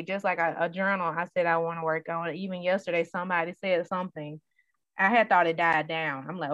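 Give me an animated woman telling stories, muffled and dry. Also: on the low side, quick pace, no room sound. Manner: animated storyteller who acts out quotes. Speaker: guest sharing her story. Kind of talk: casual conversation. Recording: dull, dry sound.

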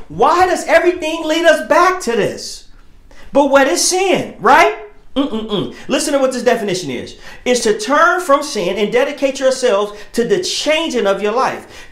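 An American preacher giving an informal sermon, firing off rhetorical questions and swinging between quiet, low asides and loud, high exclamations. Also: very animated, measured pace. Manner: emphatic, fires rhetorical questions. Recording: roomy, echoey recording.

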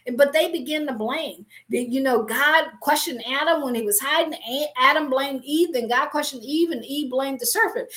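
A middle-aged woman giving an emphatic, preachy motivational talk on business, weaving in scripture and repeating her points. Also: high voice.

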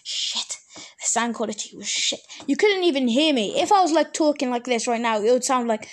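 A woman's voice: high-pitched, expressive, fairly quick. A woman hosting her own podcast, chatting casually and rambling, often stopping to correct herself. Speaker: podcast host. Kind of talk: casual solo podcast chat.

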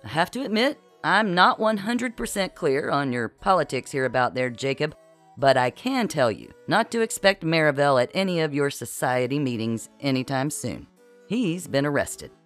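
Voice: mid-range voice, sing-song, moderate pace, a bit bright, faint music behind. A narrator voicing a bumbling, good-natured American jester who blurts things out sheepishly in an audiobook. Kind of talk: audiobook character voice.

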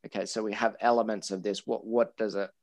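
A man with a fairly low voice talks through teaching points in a relaxed podcast chat, stumbling over and repeating words as he explains. The sound is close and dry. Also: fairly quick, no echo. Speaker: English teacher. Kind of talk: casual educational podcast chat.

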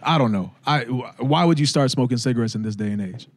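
A man's voice: mid-range voice, fast. A man co-hosting a podcast, telling playful stories and laughing often. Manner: playful, laughing, slips into silly voices. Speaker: podcast co-host. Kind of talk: casual chat, storytelling.

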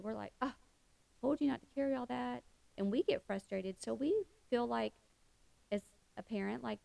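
Earnest woman with a gravelly edge. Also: medium pitch, a little mellow, dry recording, poor audio. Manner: earnest, heartfelt, many fillers and restarts. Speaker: Christian speaker. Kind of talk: faith devotional talk.

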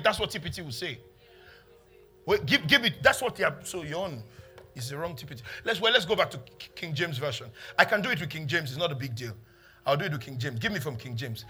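A man preaching a sermon as pastor, emphatic, with loud exclamations between quieter teaching in a church. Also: on the high side, lively intonation, quick pace, slightly rough, soft background music.

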